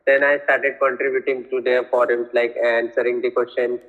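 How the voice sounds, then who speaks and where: A man's voice: medium pitch, little pitch movement, moderate pace, phone-quality sound. A man, talking casually on a video call as an interview guest, hesitant and full of fillers. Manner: hesitant, many fillers and restarts. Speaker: interview guest, software developer.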